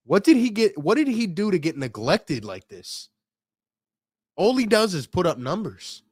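A man's voice: on the high side, big pitch swings, measured pace, breathy edge, dry recording. A young man ranting in frustration after his team's loss, firing off rhetorical questions to his stream chat. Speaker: sports fan streamer. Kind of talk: ranting post-game commentary.

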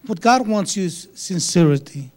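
A man speaking as a pastor, earnest and halting, often restarting his phrases. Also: high-pitched, lively intonation, darkish tone. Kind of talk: casual sermon-like talk.

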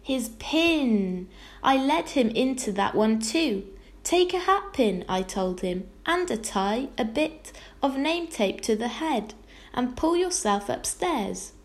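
A woman reading aloud, voicing a fretful, tearful tiny mother who frets and scolds in a raised, slow voice. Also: high voice, animated, pitched above the performer's own voice, heavily acted. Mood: self-reproaching. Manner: fussy, tearful, easily alarmed. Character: anxious fretful tiny mother, middle-aged.

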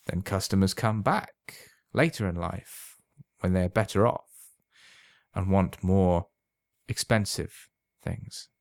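A sly old potion seller, calm and knowing, who lets every promise slip out smooth and unhurried, as a man reads him aloud. His voice sits low and quietly insinuating, recorded close and dry with no room around it. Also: no echo, exaggerated voice.

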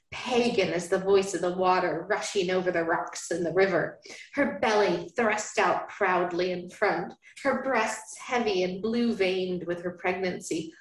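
A woman hosting a podcast, reading a romance novel aloud in a hushed, dramatic cadence. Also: mid-range voice. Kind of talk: dramatic reading with joking asides. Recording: roomy, echoey room.

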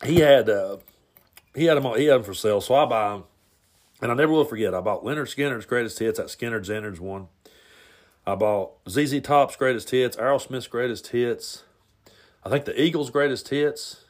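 A man hosting his own podcast, telling a story from his youth in a relaxed, rambling way with plenty of fillers, recorded at home. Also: lowish voice. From Tennessee. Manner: rambling, laid-back, lots of fillers. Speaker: podcast host. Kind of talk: casual storytelling monologue. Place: home, near the garage.

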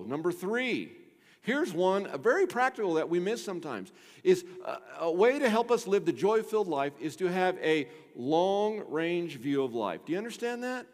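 Pastor preaching in a reverberant hall. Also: male voice, very animated, unhurried. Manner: emphatic, call-and-response with the congregation; drops to a soft low voice on key phrases. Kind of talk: sermon. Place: church.

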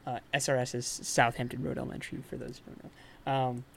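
A man's voice: medium pitch, fast talker, gravelly. Young guy rambling thru a story from his bedroom, faint hiss. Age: young adult. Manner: rambling, laughing, animated storyteller. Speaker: podcast host. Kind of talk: casual storytelling. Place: bedroom at home.

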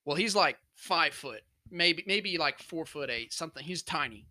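A man's voice: a little high, lively intonation, normal speed, pushed and bright. A man casually telling a rambling, profane story to his friends, laughing as he goes. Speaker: podcast co-host telling a story. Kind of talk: casual chat among friends.

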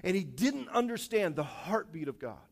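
A man preaching a sermon to his congregation, animated and repetitive, dropping light self-aware jokes along the way. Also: high voice, normal speed, creaky. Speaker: pastor.

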